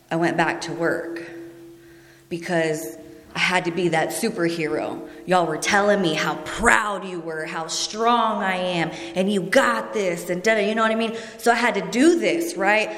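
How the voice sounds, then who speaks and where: Earnest woman sharing in an echoey hall. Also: on the low side. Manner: conversational, earnest, asks the room questions. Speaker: speaker sharing at a recovery meeting. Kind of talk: personal testimony to a group. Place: meeting room.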